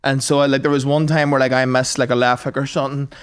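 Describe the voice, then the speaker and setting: A man's voice: medium pitch, level tone, fast, smooth. A man, hosting a podcast and telling crude, self-mocking comic stories. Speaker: podcast host. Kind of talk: comic storytelling.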